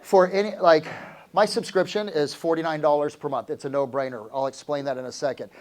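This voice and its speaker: A middle-aged man leads a live seminar with real estate agents, speaking in an energetic coaching tone. He keeps turning to the crowd with quick questions and calls for answers. His voice sits a little higher than most men's. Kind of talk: live seminar talk to an audience.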